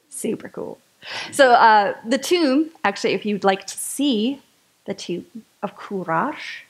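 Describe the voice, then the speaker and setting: A woman's voice: fairly high pitch, poor audio. A woman giving a chatty, enthusiastic sermon-style talk to a spiritual community gathering.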